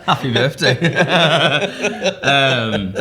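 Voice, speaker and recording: A man's voice: mid-range voice, extremely slow, reverberant, a crowd in the background. A man hosting a casual podcast in a pub, telling stories in British English, acting out voices and swearing freely. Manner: animated storyteller, swears freely, acts out voices. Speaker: podcast host.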